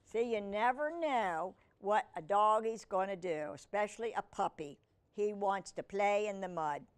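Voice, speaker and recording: A woman reading picture books to children, gentle and teacherly, often asking the listener questions. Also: medium pitch, a little slow, clear, resonant tone. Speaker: children's storyteller.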